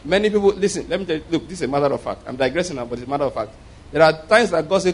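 A man's voice: a little high, animated, very fast, husky. A man preaching a sermon, telling a story with frequent chuckles and repeated words.

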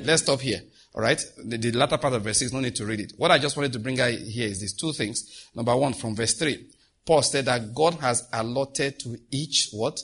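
A man's voice: medium pitch, moderate pace, a bit bright. A man preaching a sermon, reading scripture and leading the congregation in repeated declarations with emphatic delivery.

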